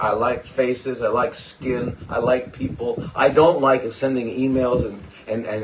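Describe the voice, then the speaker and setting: Rambling sarcastic older man, noisy stream. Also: medium pitch. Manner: digressive and sarcastic, mocking asides to viewers. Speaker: doctor hosting a live stream. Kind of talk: rambling live-stream talk.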